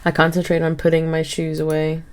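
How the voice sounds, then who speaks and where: A woman's voice: low-pitched, monotone, brisk, clear, resonant tone. A woman streamer reading a visual novel game aloud, stopping for asides and correcting her own misreads. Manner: reads game text with asides and self-corrections. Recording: game music behind the voice.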